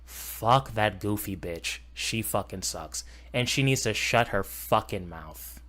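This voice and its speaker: Profane, animated man ranting on stream. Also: lowish voice, slow. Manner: profane, heated, mocking; swings between loud outbursts and muttered asides. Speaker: streamer reacting to a video. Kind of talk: casual live-stream reaction rant.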